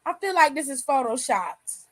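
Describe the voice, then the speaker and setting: High-voiced swearing woman host. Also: expressive, normal speed, no echo. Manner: candid, swears freely, laughs often. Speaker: aftershow host reading chat. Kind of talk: casual livestream chat.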